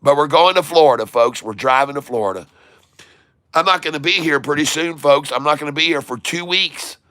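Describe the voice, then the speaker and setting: A man from Michigan chatting on his live stream, eagerly calling out where his viewers are. His voice is bright, forceful and smooth, sitting a little high for a man. The sound is close and dry. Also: fairly quick, no echo. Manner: excitable, reading out viewer shout-outs. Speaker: livestream host. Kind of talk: casual livestream chat.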